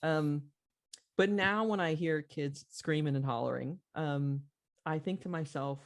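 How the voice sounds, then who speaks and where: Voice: medium pitch, unhurried. A podcast host telling a story in an earnest, reflective conversational way, with frequent fillers.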